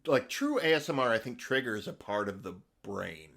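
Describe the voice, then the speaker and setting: A man's voice: lowish voice, animated, moderate pace, vocal fry, a bit bright. A middle-aged man co-hosting a podcast, chatting casually and rambling with many ums and restarts. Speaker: podcast co-host. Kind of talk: casual chat.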